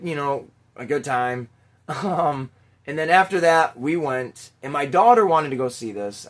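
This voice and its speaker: A middle-aged man telling a Father's Day story in a casual, animated way, swearing now and then and acting out the people in it. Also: on the high side. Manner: animated, chatty, swears casually, mimics voices in anecdotes. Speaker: toy collector vlogger, father.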